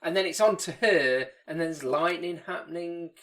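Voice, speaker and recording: A man co-hosting a casual film podcast, chatty, interjecting with questions and quick asides. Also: fairly high pitch, fairly bright tone. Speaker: podcast co-host. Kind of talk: casual film review chat.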